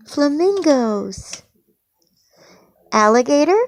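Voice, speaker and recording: A woman's voice: on the high side, sing-song, measured pace, dry recording, studio quality. A woman patiently teaching a toddler animal names at home, with exaggerated encouraging praise.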